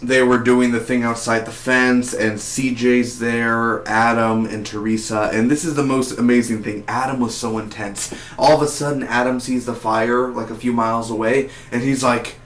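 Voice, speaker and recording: A man recapping a TV episode in a loose, excitable ramble, full of "uh" and "you know" and quick restarts. His voice sits at an ordinary middle pitch. The room around him rings with a noticeable echo. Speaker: TV episode reviewer. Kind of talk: casual spoiler review recap. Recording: echoey room.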